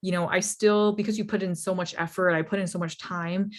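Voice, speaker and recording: A young woman telling her founder story in a lively, casual talk, full of fillers and laughs. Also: fairly low pitch, fairly quick. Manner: animated, laughs often, many fillers like "you know" and "like". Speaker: startup founder speaker.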